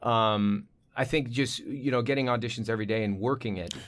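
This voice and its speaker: An animated male voice actor chatting as a guest, mid-pitched and conversational. He tells stories eagerly and drops into little voices and impressions. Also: brisk. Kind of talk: casual interview chat.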